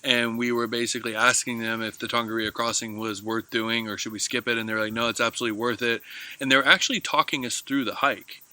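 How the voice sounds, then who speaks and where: A man's voice: medium pitch, steady tone, fairly quick, hardly any pauses, bright, forceful tone, no room sound. A man co-hosting a podcast from a camper van, talking in an earnest, reflective way and explaining things. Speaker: podcast co-host. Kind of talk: casual chat.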